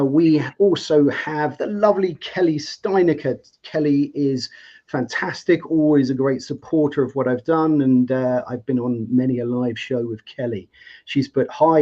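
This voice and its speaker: A man hosts a live debate show in a medium-pitched, dark-toned voice at a measured pace. He's upbeat, enthusiastic and chatty, with plenty of fillers and restarts, and the lo-fi audio is slightly dull.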